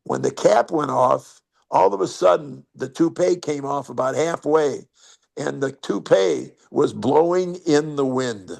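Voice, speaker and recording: A man's voice: on the high side, measured pace, vocal fry, darkish tone. An older man telling rambling, salty stories as a guest on a video call. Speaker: guest storyteller. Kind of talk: anecdote over video call.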